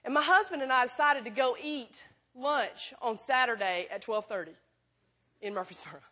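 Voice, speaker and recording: A middle-aged woman giving an animated, folksy sermon, telling stories to a school audience. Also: fairly high pitch, normal speed. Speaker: speaker at a school chapel. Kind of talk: sermon with storytelling.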